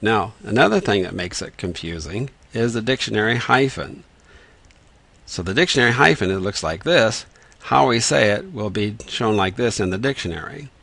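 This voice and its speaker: A man teaching reading rules in a patient, methodical lesson, slowly sounding out words as he writes. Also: fairly low pitch, animated, vocal fry, fairly bright tone, no echo. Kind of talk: explanatory lesson with whiteboard.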